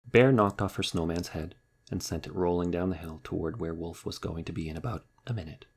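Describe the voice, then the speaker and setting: A man reading a children's storybook aloud in a wry, lively storytelling manner. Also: sits low, fairly quick, breathy edge. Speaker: narrator.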